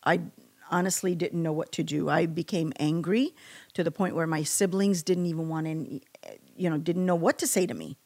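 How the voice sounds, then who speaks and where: A woman's voice: deep voice, moderate pace. A woman giving a personal faith testimony, telling her story with feeling and acting out quotes. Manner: emotional, animated storytelling with acted quotes. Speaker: testimony speaker.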